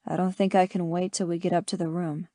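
A woman voicing a teasing, hungry young man in an audiobook, speaking in a rough, low growl. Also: little pitch movement, fairly quick, warm tone, no echo, clean studio sound, close to an everyday voice.

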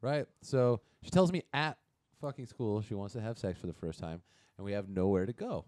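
Man, 30s, podcast co-host, casual crude storytelling, animated, dry close mic. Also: on the low side, normal speed, no echo.

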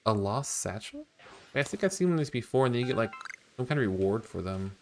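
A man streaming a video game, talking casually and getting excited about each new find. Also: medium pitch, quick pace, faint music behind. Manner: excitable, gasping and laughing at new discoveries. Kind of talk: casual gameplay commentary.

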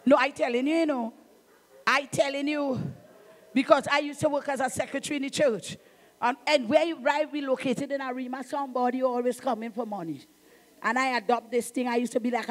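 A middle-aged Trinidadian woman preaches from the pulpit with fervour. She hammers her points home, calls out to the congregation, and rises into shouts as the sermon builds. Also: high voice, fairly quick. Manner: fervent, emphatic preaching with call-outs and bursts of shouting. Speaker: pastor.

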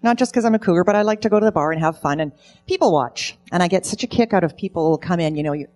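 A woman's voice: on the low side, rapid-fire, darkish tone. A middle-aged woman telling stand-up comedy stories on stage, in a dry storytelling way. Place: event stage.

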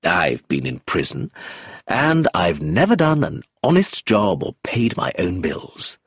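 A charming, amused rogue with a cold streak, drawling and chuckling, as a man reads him. The voice is low and husky, with pitch that swings wildly. The storybook reading is slow. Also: wildly swooping pitch, no echo, studio quality, full character voice.

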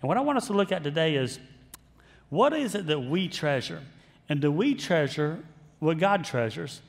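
A man's voice: on the high side, sing-song, normal speed. Chatty male pastor in a reverberant hall. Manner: conversational, self-deprecating humor. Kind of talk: sermon.

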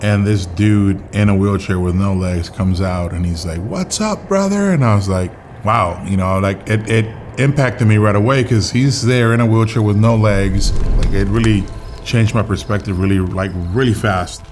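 A man's voice: fairly low pitch, fairly even intonation, normal speed, a little mellow, slight background noise. A young man casually telling a personal story in a documentary, full of filler words and acted-out quotes. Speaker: interviewee telling his story. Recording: music playing underneath.

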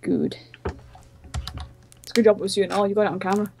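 A woman's voice: medium pitch, flat delivery, fast talker, darkish tone, a little hiss or hum. A young Scottish woman chatting casually while playing a video game, planning moves aloud. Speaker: co-host of a let's play. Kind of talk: casual gaming chat.

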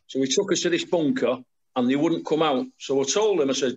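A man's voice: mid-range voice, a little fast, a little mellow, low-quality recording. A middle-aged man, an army veteran, telling war stories in plain, dialect-tinged speech over a video call. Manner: plain storytelling with dialect grammar.

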